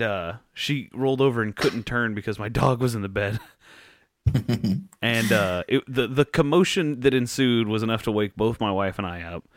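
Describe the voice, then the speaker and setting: A man with a lowish voice tells loose, swearing stories in casual chat. His voice is close and dry, with no room sound around it. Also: no echo. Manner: laid-back storyteller, swears freely.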